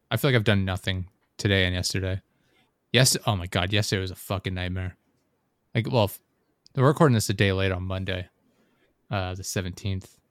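Low-voiced man telling a rambling story. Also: clear, resonant tone, no echo, studio quality. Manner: rambling storytelling with fillers and swearing. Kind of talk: casual chat.

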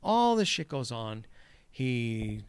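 A man tells a rambling story in casual chat, swearing freely and acting out the shouted lines. His voice sits at an ordinary middle pitch. The recording is dry and close, with no room sound. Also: slow, clean tone, no echo. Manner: profane, animated, acts out shouted quotes. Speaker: golf course superintendent.

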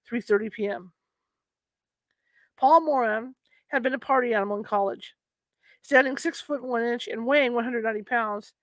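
A woman with a slightly high voice reads from a book informally, now and then halting to correct herself and apologize. The recording carries no room sound.

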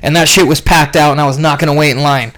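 A young man ranting casually about a fight event, profane and rambling, clearly irritated. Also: a little high, fairly even intonation, fast, fairly bright tone, a little hiss or hum. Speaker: podcast host recapping a fight event.

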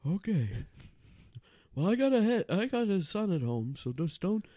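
A man's voice: high-pitched, sing-song, moderate pace, warm tone, no echo. A man playing a flustered, stammering dad. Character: awkward middle-aged dad Harold, eager to please. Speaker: comedy podcast host. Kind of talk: improvised comedy scene.

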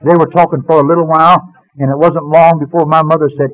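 Guy telling his story from the heart, goes quiet and low at the hard parts, muffled dry radio. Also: fairly quick, no room sound. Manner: earnest storytelling, dropping low and soft at painful moments. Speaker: testifying speaker. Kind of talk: spoken personal testimony. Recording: dull dry radio sound.

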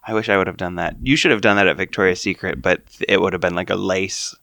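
Brief: young man, gravelly, bright-edged voice, deadpan jokester in casual chat. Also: low-pitched, brisk, no echo, clean studio sound.

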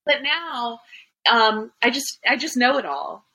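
A woman's voice: a little high, measured pace, bright, forceful tone, low-quality recording. A young adult woman hosting a podcast, chatting casually with lots of fillers and restarts. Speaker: podcast host. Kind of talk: casual chat.

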